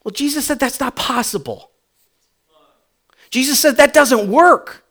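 A man preaching a sermon as pastor, animated, with repetition and acted-out voices. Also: extremely high pitch, unhurried.

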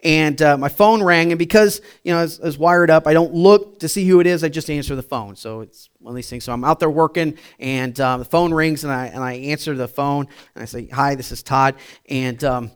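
A man preaching, who opens with a casual personal story full of fillers and restarts. His voice sits a little high for a man. He then builds to emphatic, repeated points. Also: fairly quick, few pauses, clean tone. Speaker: pastor.

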